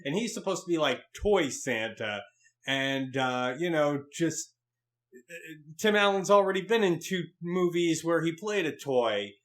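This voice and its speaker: A man's voice: a little high, expressive, a little slow. A man co-hosting a casual movie review podcast, speaking hesitantly with many ums and uhs. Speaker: podcast co-host.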